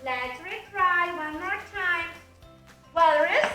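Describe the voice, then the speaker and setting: A woman teaches a toddler in a slow, playful sing-song, her voice high and swooping. She sounds bright and clear but stands back from the mic in an echoey room. Faint music plays behind her. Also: animated, recorded from a distance. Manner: slow, exaggerated, playful prompting. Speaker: teacher and parent.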